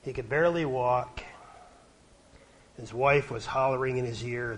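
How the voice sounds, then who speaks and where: A middle-aged man from Canada preaching a sermon, his voice sometimes dropping to a hush. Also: medium pitch, a little slow, slight background noise, rough recording. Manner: varies loudness, dropping to a hush at quiet points.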